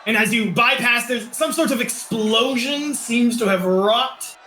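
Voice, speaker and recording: High bright-voiced male game master. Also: unhurried, echoey room, slight background noise. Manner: descriptive, dramatic narration. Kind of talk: narrating a tabletop game.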